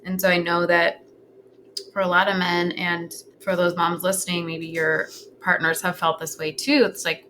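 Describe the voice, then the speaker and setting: A woman hosts a podcast in a supportive, affirming tone. Her voice is bright and a touch low, and she backs up her guest with soft murmurs of agreement. Faint background noise runs underneath. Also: flat delivery, normal speed. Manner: affirming, with frequent soft "mm-hmm"s. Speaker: podcast host. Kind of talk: supportive interview chat.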